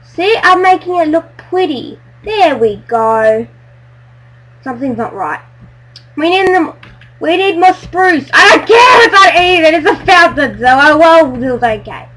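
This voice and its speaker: A woman chatting excitedly while playing a building game with friends, silly and bubbly, breaking into squeals. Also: very high voice, unhurried, a little hiss or hum. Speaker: gamer playing on a friend's server. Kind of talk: excited let's-play chatter.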